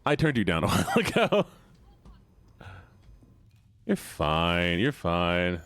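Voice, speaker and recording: A man streaming a game and chatting casually with viewers, animated and self-mocking, thinking aloud as he plays. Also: low-pitched, takes it slowly, dry recording. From United States. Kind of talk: casual gameplay chat with viewers.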